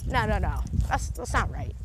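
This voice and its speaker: A young woman vlogs from her phone while out and about, rambling casually, correcting herself, and using lots of filler words. Her medium-pitched voice swings widely in pitch at a moderate pace, over slight background noise.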